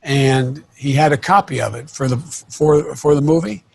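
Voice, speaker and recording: An older man who stutters, talking in a halting, paced way with many restarts as a panelist on a video call. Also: on the high side, gravelly, slightly rough. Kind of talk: casual conversation on a video panel.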